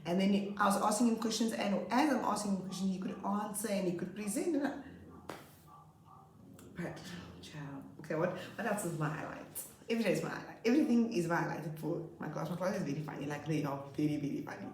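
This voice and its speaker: A woman in her late twenties, a primary school teacher, telling stories about her class in a chatty, expressive way. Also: mid-range voice, slight background noise. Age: late 20s. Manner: chatty, expressive, drawn-out emphasis. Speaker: grade 2 teacher. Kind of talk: casual storytelling vlog. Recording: roomy echo.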